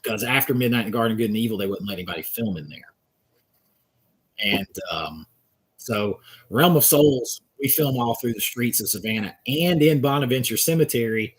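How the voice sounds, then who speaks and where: Husky man chatting on stream. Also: mid-range voice, animated, normal speed. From Georgia, US South. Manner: rambling, chatty, reads out viewers' comments. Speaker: channel host answering live chat. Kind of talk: casual livestream chat.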